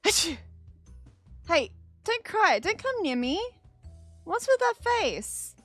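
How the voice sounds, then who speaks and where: A woman's voice: normal speed, faint music behind. A woman reading as a jumpy, vain young actor. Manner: excitable, voice jumping high when startled. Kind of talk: dramatic game dialogue read aloud.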